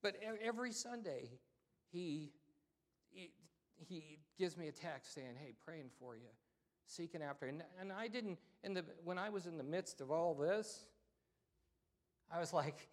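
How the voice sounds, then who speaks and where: A man's voice: fairly high pitch, lively intonation, a little slow. A middle-aged man, a pastor, preaching a sermon in a conversational way, repeating himself and calling out "amen" to the congregation. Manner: conversational preaching with repetitions and call-outs.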